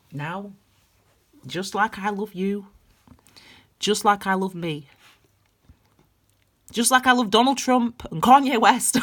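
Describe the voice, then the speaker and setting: A woman giving a passionate, blunt tarot reading that swings between loud emphasis and hushed intensity. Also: fairly high pitch. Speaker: tarot reader. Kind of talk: intuitive tarot reading, spiritual pep talk.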